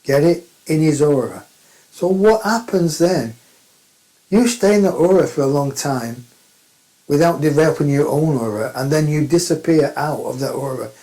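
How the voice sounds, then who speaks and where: A man's voice: on the high side, lively intonation, moderate pace, dark tone, rough recording. A man giving a spiritual talk, plain-spoken and emphatic, often repeating phrases. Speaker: spiritual teacher.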